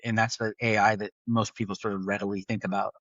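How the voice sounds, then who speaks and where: A man's voice: fairly low pitch, little pitch movement, fast, a bit bright, dry recording, highs cut off. A man from the East Bay of California, a tech founder talking casually on a podcast, rambling with frequent restarts and "right?" tags.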